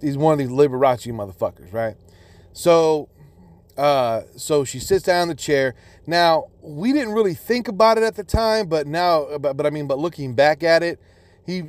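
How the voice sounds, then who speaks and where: A man's voice: fairly high pitch, darkish tone, no room sound. Profane man telling a rambling story. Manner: profane, rambling, with many restarts. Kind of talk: casual spoken storytelling.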